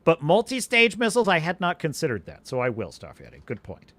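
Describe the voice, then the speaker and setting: A man's voice: a little high, fairly quick, dry recording. A man hosting a live stream, chatting in a rambling way and answering viewers' questions. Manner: animated, rambling, restarts sentences. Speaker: podcast host.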